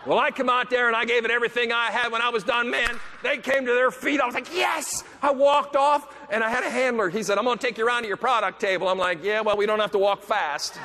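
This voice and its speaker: Male keynote speaker, very high bright voice, animated storyteller who voices the people he quotes, echoey hall. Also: fast, few pauses. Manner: animated, acts out quoted voices, bursts into shouts. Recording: echoey hall, faint background noise.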